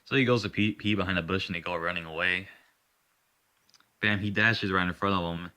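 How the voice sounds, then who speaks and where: A man's voice: low voice, steady tone, fairly quick, bright, forceful tone. A man casually narrating his own hero story in a rambling way, swearing and correcting himself as he goes.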